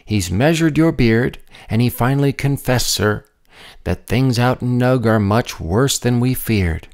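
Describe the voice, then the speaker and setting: A man's voice: mid-range voice, a little slow, darkish tone, lightly acted. A man voicing a scheming male turtle advisor in a storybook, with a gloating, conniving manner. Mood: urgent.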